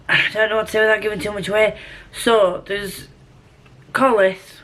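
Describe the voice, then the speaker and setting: A woman speaks casually to camera from home about the book she's currently reading, wandering off on tangents, self-deprecating, and using lots of fillers. She's a book vlogger with a mid-range, fairly bright voice and fairly even intonation, speaking unhurriedly and pausing often.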